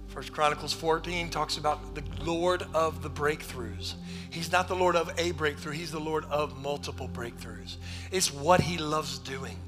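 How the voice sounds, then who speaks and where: A man preaching a sermon, telling a story with jokes, now and then shouting, then dropping to a hushed near-whisper. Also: on the high side. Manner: animated joking storyteller, bursts into shouts. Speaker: pastor.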